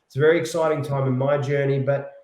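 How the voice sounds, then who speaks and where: A man, a pop singer being interviewed, telling stories in an animated, casual way and repeating words while he thinks. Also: mid-range voice, fast. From Australia. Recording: echoey room.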